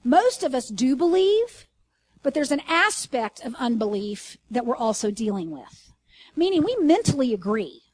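A woman teaching a sermon in an earnest, conversational way, asking her listeners questions and reading scripture slowly with emphasis. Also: sits high, sing-song, a little mellow. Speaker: Bible teacher.

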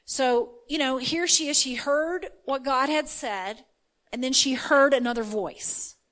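A woman's voice: high voice, unhurried, fairly bright tone, rough recording. A woman giving an informal sermon, chatty and full of fillers, reading scripture and checking in with her listeners. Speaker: preacher.

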